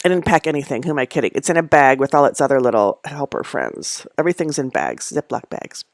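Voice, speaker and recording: A woman's voice: extremely low pitch, expressive, quick pace, no echo, clean studio sound. A middle-aged woman hosting a casual live stream from her home, rambling through asides and laughing often. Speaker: host of a live knitting stream. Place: at home among packed belongings.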